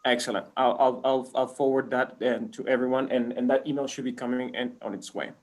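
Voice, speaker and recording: A man's voice: medium pitch, flat delivery, a little fast. A man speaking formally at an online meeting, repeating words as he starts sentences. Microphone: video call.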